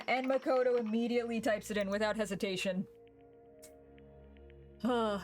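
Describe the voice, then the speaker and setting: A woman streamer reading game dialogue aloud and reacting with loud, swearing outbursts and laughter. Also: medium pitch, steady tone, moderate pace, pauses often, soft background music.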